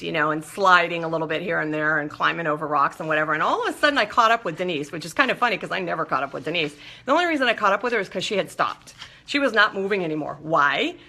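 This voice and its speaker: A woman hosting a talk show, telling a personal story in a lively, chatty way with playful asides. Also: lowish voice. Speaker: show host.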